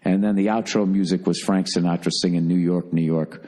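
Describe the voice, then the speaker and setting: A man hosts his podcast alone in a loose, casual monologue. He swears freely and leans hard on his words as he tells a story. His voice sits a little low. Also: fairly even intonation, fairly quick, mellow. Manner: profane, emphatic storytelling. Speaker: podcast host.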